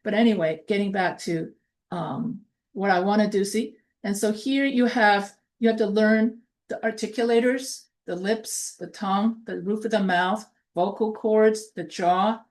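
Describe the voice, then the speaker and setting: A woman teaching accent reduction in a loose, chatty way, often trailing off into asides and filling pauses as she goes. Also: mid-range voice, fairly even intonation. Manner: rambling, with many fillers and asides; slow, drawn-out word drills. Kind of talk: casual teaching talk.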